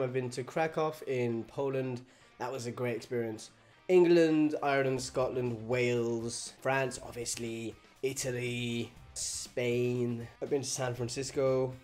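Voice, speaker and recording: A man's voice: medium pitch, a little mellow. A teenage boy in a casual vlog, chatting and joking as he reads out and answers viewer questions, swearing now and then. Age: teens.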